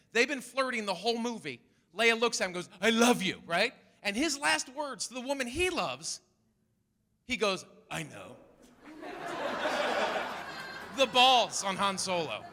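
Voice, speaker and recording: On a live comedy stage, a middle-aged man performs stand-up, acting out the voices of his wife and son. His voice sits high with a sharp tone, and the audience laughs in the background.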